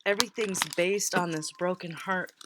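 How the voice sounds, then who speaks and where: A woman giving a casual tarot reading, chatty and quick to laugh, often breaking off and restarting her words. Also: lowish voice, very noisy. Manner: chatty, laughs easily, breaks off mid-word. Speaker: tarot reader.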